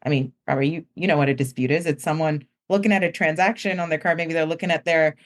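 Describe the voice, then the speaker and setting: A woman guest speaks with a slightly lower voice. She explains in an easy, conversational way, with lots of "like", and slips into the voices of worried customers as she goes. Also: fairly even intonation, fast. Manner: casual, heavy use of "like", acts out customers' words. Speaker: guest, company founder.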